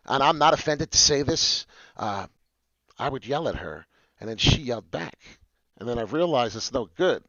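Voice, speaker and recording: A man hosting a casual crypto chart video, excitable and prone to loud rants. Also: mid-range voice, no echo. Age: adult with a young child. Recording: dull lo-fi audio.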